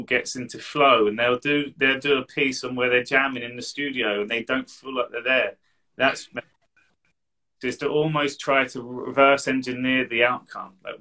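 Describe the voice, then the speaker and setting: Earnest man with bright, forceful voice. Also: mid-range voice, low-quality recording. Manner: earnest, rambling, repeats words. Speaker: co-host meditation coach. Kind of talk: casual advice talk.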